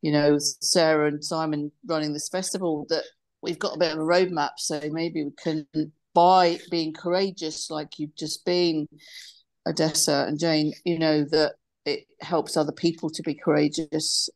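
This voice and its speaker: A woman's voice: low-pitched, flat delivery, moderate pace. A woman talking on a video call in an effusive, chatty way. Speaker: event participant. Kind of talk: casual video call chat.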